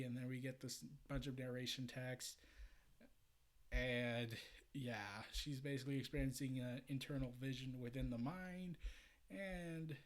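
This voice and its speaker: A man talking through a comic review in a loose, chatty way, tripping over words now and then. His voice sits at a middle pitch. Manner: chatty, with stumbles and fillers. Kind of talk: casual comic review and summary.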